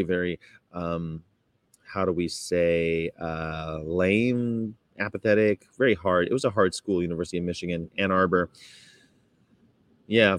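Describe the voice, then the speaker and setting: Low-voiced man chatting on a livestream. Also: no echo. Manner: rambling, laughs often, reads chat and definitions aloud; mock-sweet high voice for quoted politeness. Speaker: vegan activist livestreamer. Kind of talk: casual livestream chat. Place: Chicago.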